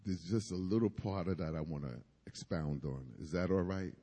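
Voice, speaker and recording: A man's voice: low voice, moderate pace, dark tone, in a large hall. A man preaching a sermon with emphatic cadence and asides to the congregation.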